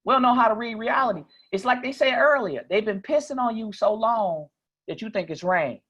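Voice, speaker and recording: A man voicing an excitable young Mississippi man who chatters in an exaggerated way. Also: high-pitched, a little fast, slightly rough, highs cut off, voice pushed up, exaggerated voice. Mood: mocking. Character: excitable high-voiced Southern young man.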